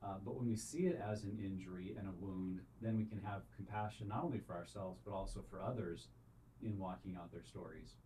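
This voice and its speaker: Mellow low-voiced male podcast host. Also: a little fast, slight background noise, poor audio. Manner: earnest, affirming, reflecting back what he hears. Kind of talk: podcast conversation.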